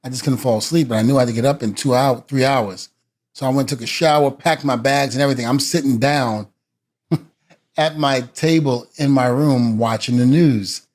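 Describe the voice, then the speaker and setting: A man's voice: medium pitch, normal speed, a little mellow. A middle-aged man, a former wrestler, telling a story as a guest and acting out what each person said, with laughs in between. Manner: acts out quotes with shifting voices and laughs. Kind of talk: animated storytelling.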